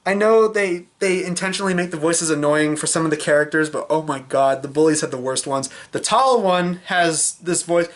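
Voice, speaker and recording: A man's voice: on the high side, normal speed, hardly any pauses. A man giving a casual, rambling film review vlog, full of fillers and restarts, frank and exasperated in his criticism.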